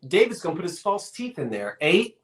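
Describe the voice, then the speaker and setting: A folksy man hosts a live-streamed sale, chatting casually and rambling off on little asides. His voice sits somewhat high for a man. The sound rings with noticeable room echo. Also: sing-song, a little fast. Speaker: live online auction seller.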